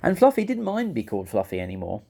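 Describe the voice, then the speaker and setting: A man reading a children's story aloud in an expressive, playful way, laughing along with it. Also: on the low side, fast talker, creaky, slight background noise.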